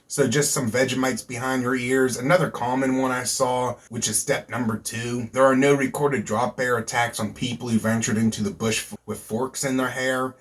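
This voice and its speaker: A man's voice: mid-range voice, fairly even intonation, normal speed, hardly any pauses. A man hosting his own video, rambling casually and joking, with frequent swearing, recorded outdoors at night. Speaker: YouTube host. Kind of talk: casual vlog chat.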